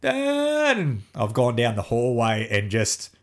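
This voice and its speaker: Swearing dad telling stories. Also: male voice, lowish voice, measured pace. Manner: animated storyteller, swears freely, acts out family dialogue. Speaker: podcast guest. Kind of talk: casual chat.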